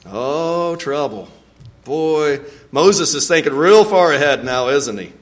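Excitable guy teaching a bible lesson, high voice, slow and deliberate. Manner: animated, acts out scripture, laughs often.

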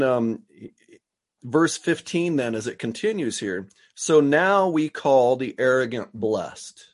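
A man delivers a sermon at an ordinary mid pitch, reading scripture aloud and then unpacking it in plain terms. He often restarts his phrases as he works through the passage. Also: darkish tone. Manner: expository preaching with frequent restarts and paraphrased quotes. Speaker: pastor.

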